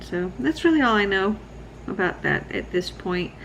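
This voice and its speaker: A woman in her thirties giving a relaxed, rambling late-night book vlog check-in, sounding sleepy. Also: medium pitch, normal speed, gravelly, slight background noise, rough recording. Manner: relaxed, rambling, laughs often. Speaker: book vlogger.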